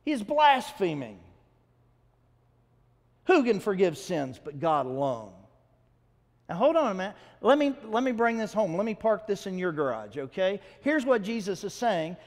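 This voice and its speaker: A man's voice: high-pitched, sing-song, moderate pace. A male pastor preaching a sermon in a church, talking to the congregation in a conversational way and asking them questions. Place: church sanctuary. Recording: long hall reverb.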